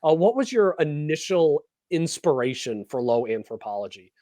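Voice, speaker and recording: A pastor hosting an interview, in a dry sound. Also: male voice, fairly high pitch, very animated, normal speed, warm tone, dry recording. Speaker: podcast host and pastor. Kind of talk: conversational interview.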